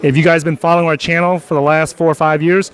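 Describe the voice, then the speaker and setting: A man's voice: fairly high pitch, level tone, fast. Jokey, filler-heavy male host. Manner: loose and jokey, many fillers. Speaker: channel host. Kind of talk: casual interview. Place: outdoors at a conference.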